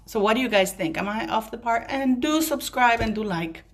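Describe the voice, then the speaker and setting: A woman's voice: a little high, expressive, moderate pace. A woman vlogger delivering an emphatic opinion rant straight to her viewers, breaking off now and then to apologize for ranting. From Commonwealth country.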